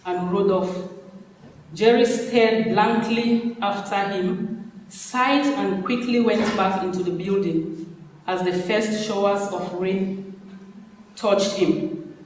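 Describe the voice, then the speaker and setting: A man reading a novel aloud to an audience in a measured, unhurried way, at a panel event. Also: sits high, steady tone. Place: large hall. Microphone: far from mic. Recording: echoey hall from far off, faint noise.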